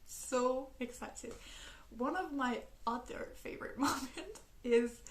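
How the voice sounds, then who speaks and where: A young woman with a French first language reviewing a book in a casual vlog, gushing and animated, laughing often and swearing casually. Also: high voice, takes it slowly. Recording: echoey room.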